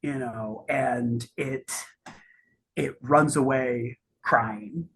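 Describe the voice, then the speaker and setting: Halting game master running a tabletop game. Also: medium pitch, fairly bright tone, husky. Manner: halting, full of restarts and fillers.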